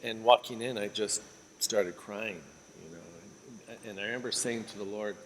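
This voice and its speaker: A father and church leader giving a steady, earnest faith testimony in an interview. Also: on the low side, moderate pace. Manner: steady, earnest, drops quiet on emotional lines. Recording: echoing reverb with faint ambient hiss.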